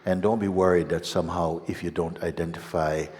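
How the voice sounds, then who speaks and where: A man giving a satsang teaching as a spiritual teacher, gentle and unhurried, often breaking into laughter. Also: sits low, steady tone. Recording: long hall reverb with faint ambience.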